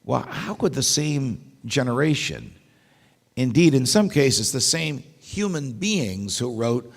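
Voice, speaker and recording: Gravelly man giving an emphatic keynote. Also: mid-range voice, lively intonation, unhurried. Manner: emphatic storyteller with rhetorical questions and wry asides. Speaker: keynote speaker. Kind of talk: lecture-style keynote speech. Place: large meeting hall. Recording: long hall reverb.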